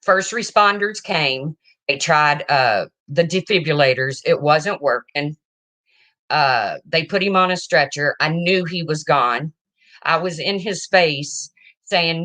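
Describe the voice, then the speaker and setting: Low-voiced woman telling a frank story. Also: unhurried, sharp tone. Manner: frank, emotional, swears casually, asks okay?. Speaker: vlogger. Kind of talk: casual storytelling to camera.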